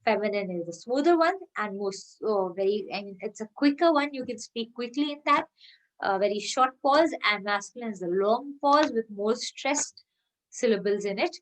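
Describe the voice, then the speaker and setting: Indian english lady lecturing online, slightly high voice, slow careful explaining. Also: animated, low-quality recording. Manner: explains step by step, reads verse lines slowly.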